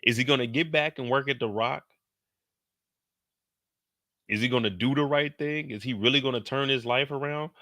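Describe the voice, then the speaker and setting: A man's voice: medium pitch, dry recording, clean studio sound. A man hosting a casual TV recap, telling it as a story in heavy slang and acting out what people said. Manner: slangy, animated, quotes characters in put-on voices; talks slower than in his live streams. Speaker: show recap host.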